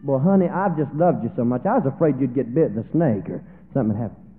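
A man voicing an aging, devoted mother who pleads in a high, tearful voice. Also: animated, fast, close to an everyday voice. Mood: tender. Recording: tinny, phone-like echoey hall.

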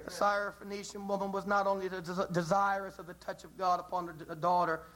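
Male preacher, high tenor voice, fervent and repetitive delivery, sermon style. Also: little pitch movement, fairly quick, a bit bright, rough recording. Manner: impassioned, repetitive, with dramatic rises.

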